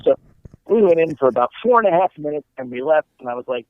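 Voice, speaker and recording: A man's voice: a little high, animated, quick pace, no room sound. A middle-aged man, a comedian guest, telling stories casually and acting out quoted lines with animation. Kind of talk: casual storytelling. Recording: tinny phone-like line.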